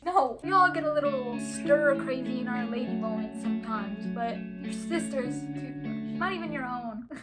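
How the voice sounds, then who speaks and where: A young woman vlogger reading out viewer confessions in casual chat, animated and giggly with dramatic reactions. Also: sits high, normal speed. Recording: loud music playing behind the voice.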